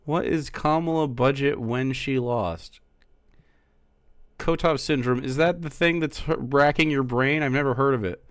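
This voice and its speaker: A man's voice: medium pitch, measured pace, clear, resonant tone, no room sound, clean studio sound. A male streamer in casual live-stream chat, sarcastic and mocking as he argues with viewers.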